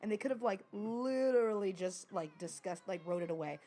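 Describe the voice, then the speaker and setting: A woman's voice: mid-range voice, animated, mellow. A young woman co-hosting a podcast, joking wryly in casual chat. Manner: wry, joking, quick to laugh. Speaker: podcast co-host.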